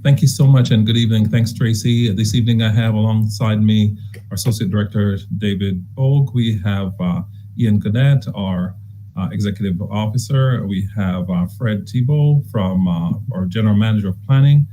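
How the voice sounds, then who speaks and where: A man giving polite formal remarks as a senior staff lead in an online board meeting, pausing often with fillers. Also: lowish voice, dark tone, slight background noise. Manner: polite, with many filler pauses.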